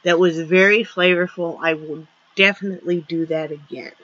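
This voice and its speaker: A woman's voice: on the low side, fairly even intonation, normal speed, fairly bright tone, highs cut off. A woman chatting casually in a rambling home vlog, with lots of fillers. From Florida. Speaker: vlogger. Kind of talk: casual daily vlog chat.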